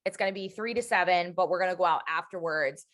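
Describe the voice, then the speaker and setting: A woman's voice: fairly low pitch, fast talker. A young adult woman co-hosting a podcast in casual chat, telling stories animatedly. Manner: animated storyteller, slips into playful voices. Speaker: podcast co-host.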